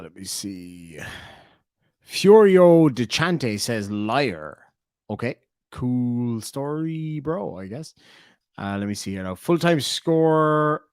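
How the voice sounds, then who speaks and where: An Irish man chats loosely on his livestream, reading out viewer comments and wandering between stories with plenty of ums and uhs. His voice sits at an ordinary middle pitch. The sound is close and dry, with no room around it. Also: no room sound. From Ireland. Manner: rambling, chatty, many fillers. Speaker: livestream host. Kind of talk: casual live chat reading comments.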